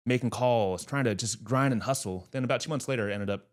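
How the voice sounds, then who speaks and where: A man's voice: medium pitch, quick pace. A man being interviewed about real estate, talking in an earnest, emphatic, motivational way. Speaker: real estate investor guest. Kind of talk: casual interview talk.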